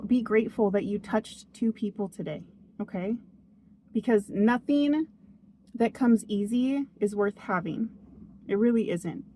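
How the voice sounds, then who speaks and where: A young woman vlogger gives a motivational talk to camera outdoors near a tree. Her voice is on the high side and a little mellow, with a bit of hiss or hum. She is earnest, upbeat, and chatty, frequently checking in with "okay?" and saying "oh my gosh."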